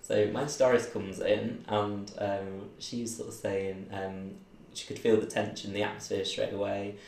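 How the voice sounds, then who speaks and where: A man's voice: on the low side, flat delivery, moderate pace, a little mellow, roomy sound, a little hiss or hum. A man telling a personal story in a casual interview, chatty and laughing often, acting out the people in his story.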